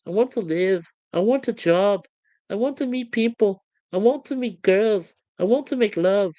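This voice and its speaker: A woman's voice: medium pitch, normal speed, mellow, dry recording, voice pushed up, lightly acted. A woman reading aloud the lines of a fed-up young man who rants about his dull life, with a plain voice and a raised, complaining delivery. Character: bored, fed-up young man, a sitcom space slob.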